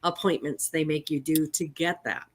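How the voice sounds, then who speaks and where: A woman's voice: deep voice, moderate pace. A woman hosting a casual interview, chatty and supportive. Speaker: podcast host.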